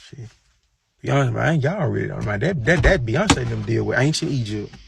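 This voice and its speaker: Gravelly, profane man ranting casually. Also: animated, normal speed, noisy background. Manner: profane, gossipy, breaks into high falsetto singing and mimicry. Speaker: streamer. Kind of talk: casual rant.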